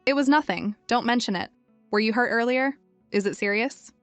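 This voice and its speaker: A woman's voice: on the high side, moderate pace, no room sound, lightly acted. A woman voicing an earnest, shy young male henchman who talks plainly and a little flustered, over faint music. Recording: dry, music faint behind.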